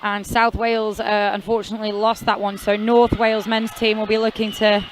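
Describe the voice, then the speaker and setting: High-voiced british guy doing live derby commentary, gets loud on the big plays, bit of hiss. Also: a little fast, few pauses, poor audio. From Britain. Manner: excited, calls out plays loudly.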